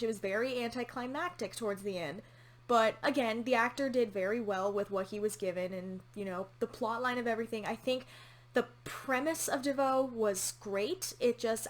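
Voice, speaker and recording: A woman hosting a casual TV episode reaction, candid and opinionated, swearing casually as she talks. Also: fairly high pitch. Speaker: reaction channel host.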